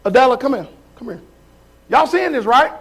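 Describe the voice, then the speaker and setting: A male pastor with a notably high voice for a man, preaching live. He keeps calling people up and checking in with the crowd in a loose, conversational way. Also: expressive, normal speed, creaky, husky. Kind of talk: live sermon.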